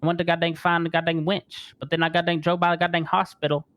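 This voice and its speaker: A man's voice: fairly high pitch, flat delivery, fast, a bit bright, dry recording, lightly acted. A man voicing a rattled male crime witness in a role-play game, who stuffs the same curse word into nearly every phrase while giving a statement.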